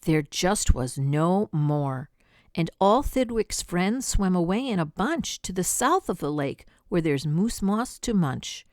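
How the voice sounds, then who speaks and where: An older woman reading a rhyming picture book aloud, dramatic with soft whispered asides. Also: fairly low pitch, sing-song, slow pace, dry recording, studio quality. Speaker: storyteller.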